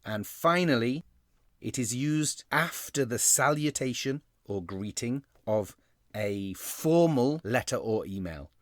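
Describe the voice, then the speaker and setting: A man's voice: mid-range voice, lively intonation, no room sound. Man teaching grammar, dry sound. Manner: explanatory, slows to stress key terms. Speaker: English teacher. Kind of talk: recorded grammar lesson.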